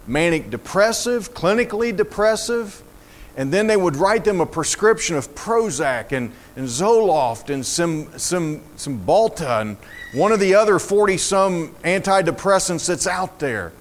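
A man with a high-pitched voice preaches slowly and deliberately. He reads scripture with fervent feeling, and his voice climbs on the lines he stresses most. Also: sing-song. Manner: slow, fervent, rising to emotional emphasis. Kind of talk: sermon with scripture reading.

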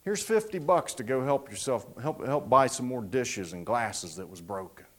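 A preacher doing a quiet, generous giver. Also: male voice, lively intonation, normal speed, close to an everyday voice. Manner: low, quiet, offhand. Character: generous churchgoer offering cash.

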